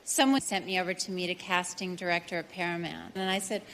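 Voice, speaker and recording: A woman telling a lively, self-mocking anecdote from a stage at an award tribute. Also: fairly low pitch, fast talker, long reverb tail. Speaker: actress giving a tribute.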